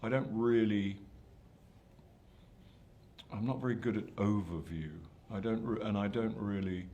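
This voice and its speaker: In a low, dark-toned voice and at a slightly slow pace, an older actor answers press junket questions, hesitating, putting himself down, and restarting often. Slight background noise is present.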